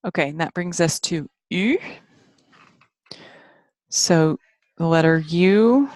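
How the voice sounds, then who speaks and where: A woman with a low voice teaches a screen-share phonics lesson. She speaks slowly and patiently, repeating each sound. The recording is dry, with no room echo. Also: a little mellow.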